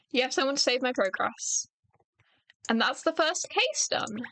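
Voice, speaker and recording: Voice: high-pitched, lively intonation, moderate pace, bright, forceful tone, a little hiss or hum. A streamer casually chatting while playing a game and reading its dialogue, rambling and joking. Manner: rambling, joking, self-deprecating. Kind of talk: casual gameplay commentary, reading dialogue aloud. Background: game music.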